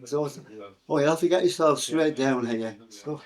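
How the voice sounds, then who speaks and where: A man's voice: on the high side, moderate pace. An older man with a Sunderland accent, recounting his life story in an interview, hesitant and full of fillers and restarts. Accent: Sunderland English. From England.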